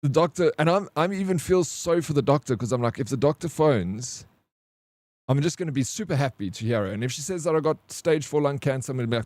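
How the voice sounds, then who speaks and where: A man streaming and telling a personal story in casual chat, animated and full of swearing and "bro". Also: fairly high pitch, fast talker, no room sound. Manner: animated, swears a lot, says "bro" constantly. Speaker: live streamer.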